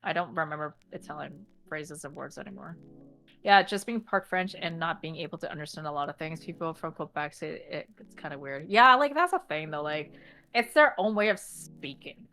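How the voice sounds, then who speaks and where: A young Canadian woman co-hosting a podcast, chatting casually, blunt and animated, swearing freely. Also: low-pitched, normal speed, soft background music. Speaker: podcast co-host.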